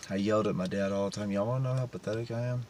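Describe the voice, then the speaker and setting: A man's voice: on the low side, steady tone, very fast, darkish tone. A man talking in a raw, emotional personal confession, blunt and profane. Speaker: vlogger. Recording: distant mic with vehicle noise.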